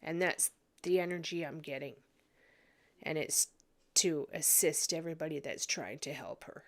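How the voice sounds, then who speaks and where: A woman giving a psychic reading in a vlog, hesitant and full of pauses, tearful and sniffly. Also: low-pitched, fairly bright tone. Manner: hesitant, many ums and restarts. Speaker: psychic reader. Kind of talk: emotional psychic commentary vlog.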